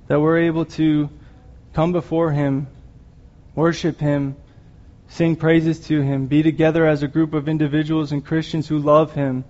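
A man's voice: a little high, a little mellow. A man giving an earnest, emotional sermon, rambling at times with restarts and apologies. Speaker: lay preacher. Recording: dull lo-fi recording.

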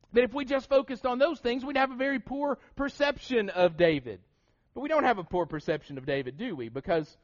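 Brief: thirties male pastor, Appalachian accent, sermon delivery, tenor-ish voice, slightly muffled recording. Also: high voice. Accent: Appalachian American. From Southern United States. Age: 30s. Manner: repetitive restarts, rhetorical questions. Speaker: preacher. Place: church sanctuary. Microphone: shared pulpit mouthpiece mic.

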